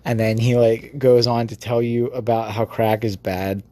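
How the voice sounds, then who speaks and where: A man's voice: medium pitch, flat delivery, normal speed, mellow. A man rambling through a casual, profane, giggly story in a phone voice message. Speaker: vlogger.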